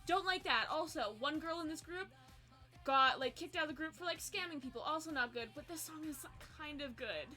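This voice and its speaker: Bright, high-voiced woman streamer chatting. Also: fairly quick, soft background music. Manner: chatty, fillers of "like", swears, laughs often. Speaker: livestreamer. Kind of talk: casual chat with live chat. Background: quiet pop song playing.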